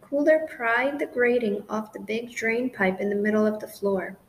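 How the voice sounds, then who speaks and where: A woman reads a children's story aloud in a gentle, clear storytelling voice. Her pitch sits a little high, and a faint room ambience hums behind her. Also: moderate pace, slight background noise, rough recording. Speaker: storybook narrator. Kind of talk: scripted children's story narration.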